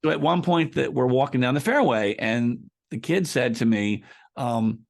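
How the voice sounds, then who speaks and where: A man's voice: medium pitch, normal speed, creaky. A man speaking as an author and coach in a conversational interview, explaining ideas through a long personal anecdote with frequent restarts.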